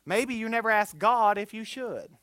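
A preacher giving a Pentecostal sermon in an animated, exclamatory manner, with call-and-response to the congregation. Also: mid-range voice, normal speed, dry recording, clean studio sound.

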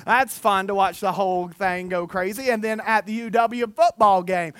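Animated pastor preaching. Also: male voice, sits high, moderate pace, clean tone, no echo. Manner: animated, self-mocking, with put-on quotes of listeners. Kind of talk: sermon. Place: church.

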